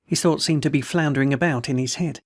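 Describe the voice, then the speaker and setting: A man reading a novel aloud in a steady, measured narration. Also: a little high, no echo, studio quality. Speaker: audiobook reader. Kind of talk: scripted narration.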